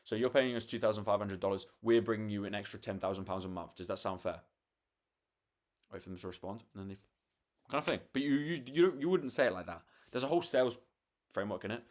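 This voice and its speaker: Young man, low-pitched, rambling to camera late at night; swears freely, restarts sentences. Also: fast talker. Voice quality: swears freely, restarts often, acts out sales calls. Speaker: vlogger.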